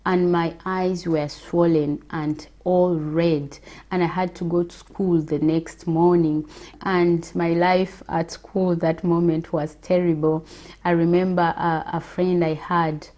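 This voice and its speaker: Slow, mellow-voiced woman sharing her testimony. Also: on the low side, level tone. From Africa. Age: adult with children. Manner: slow and reflective, with hesitant fillers. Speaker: faith testimony speaker. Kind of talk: personal testimony.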